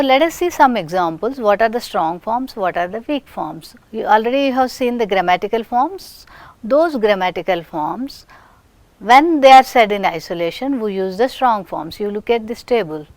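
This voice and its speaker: A woman with an Indian English accent giving a recorded phonetics lecture, speaking slowly and deliberately and repeating example sentences with stress. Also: medium pitch, animated, dry recording.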